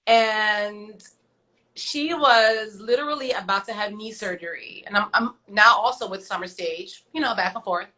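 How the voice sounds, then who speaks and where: Animated woman telling stories on a video call. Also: mid-range voice, a little slow, low-quality recording. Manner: animated, acts out voices in her stories; chatty, with slangy asides. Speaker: guest singer. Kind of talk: casual storytelling.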